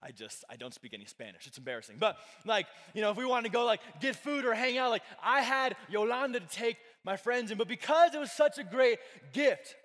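A man's voice: very high voice, expressive, brisk, hardly any pauses, fairly bright tone. A young man giving a casual youth sermon, chatty, full of fillers and joking with the crowd. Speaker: youth pastor. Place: church hall with a live audience. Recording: long hall reverb.

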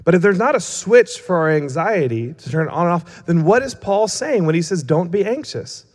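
Young male preacher, casual and funny, slightly high voice, church hall with long reverb. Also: animated, normal speed. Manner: casual, humorous, self-mocking. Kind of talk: sermon with storytelling.

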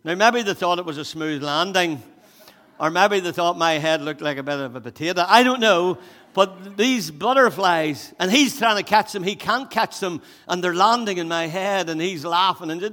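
A man preaching a sermon as pastor, animated and repetitive, turning soft and quiet when he voices a prayer. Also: high voice, normal speed. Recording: long hall reverb.

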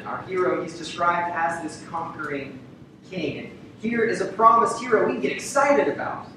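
A man preaching a sermon to a congregation, repeating key phrases for emphasis and asking rhetorical questions. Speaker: pastor. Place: church sanctuary. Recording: very echoey hall, distant mic, rumble.

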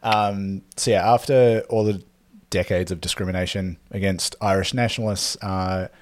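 A man casually talking through a history topic on a podcast, with lots of ums and quick laughs. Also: low voice, fairly even intonation, dry recording. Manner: rambling, filler-heavy, laughs often. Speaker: podcast co-host presenting history.

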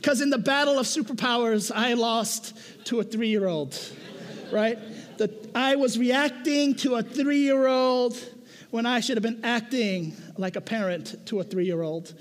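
High-voiced preacher man in an echoey hall. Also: measured pace. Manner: conversational, keeps asking "right?"; animated storytelling with self-mocking humor. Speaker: pastor. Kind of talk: sermon.

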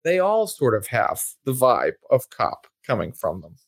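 A game master narrating a tabletop game scene in a relaxed, hesitant way, full of fillers. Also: mid-range voice, measured pace, dry recording.

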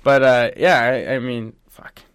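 A man's voice: mid-range voice, steady tone, measured pace, clean tone. A man co-hosting a casual sports podcast, rambling with frequent swearing and restarts. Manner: rambling, swears often, self-interrupting. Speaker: podcast co-host. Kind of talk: casual chat.

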